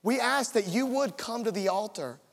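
Male pastor, higher voice, storytelling sermon, long church-hall reverb. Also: moderate pace. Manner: storytelling, builds to an altar call. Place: church sanctuary.

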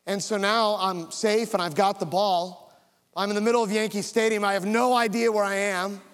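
Male pastor, higher voice, storytelling sermon, long church-hall reverb. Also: fairly even intonation, moderate pace, a bit bright, smooth. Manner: storytelling, builds to an altar call. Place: church sanctuary.

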